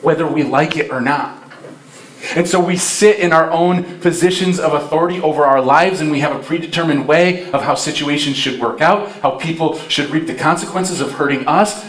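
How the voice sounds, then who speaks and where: A man's voice: fairly high pitch, fairly bright tone. Impassioned male pastor in an echoey church. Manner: impassioned, rises and drops in volume for emphasis. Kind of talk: Christmas sermon. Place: church sanctuary. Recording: roomy church sound from a distant mic.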